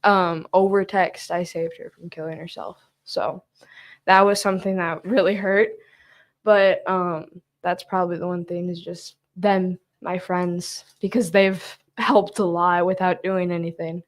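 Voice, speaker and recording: A young woman speaking as a guest in casual chat, soft-spoken and hesitant. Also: fairly low pitch, flat delivery, unhurried. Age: young adult.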